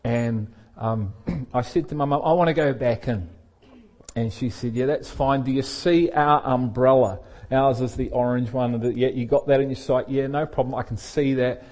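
A man's voice: medium pitch, fairly even intonation, normal speed, a little mellow. A middle-aged man, a pastor telling a personal story in a sermon and laughing often as he speaks. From England.

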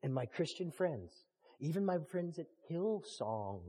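A man preaching a storytelling sermon in a slightly high voice that swings from hushed asides to full shouts. His voice rings out with a long reverb from a large church hall. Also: very animated, measured pace, slightly rough, some chatter behind. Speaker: pastor.

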